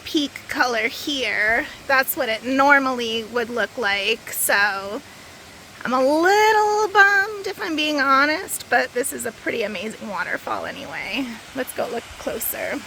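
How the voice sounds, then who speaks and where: A woman's voice: high-pitched, expressive, a little slow, bright, forceful tone, a little hiss or hum, poor audio. A woman vlogging on a solo road trip, chatting casually and straight to her viewers while she films herself. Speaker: travel vlogger. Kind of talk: casual solo vlog chat.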